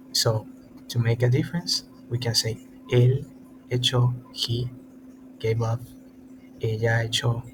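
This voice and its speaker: A male tutor teaches in English, a he speaks haltingly, often restarting words midway. His tone stays level, with little rise or fall. A steady hiss of background noise runs under the recording. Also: medium pitch. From Latin America. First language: Spanish. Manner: halting English with many restarts and self-corrections. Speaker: Spanish tutor. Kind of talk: online language lesson.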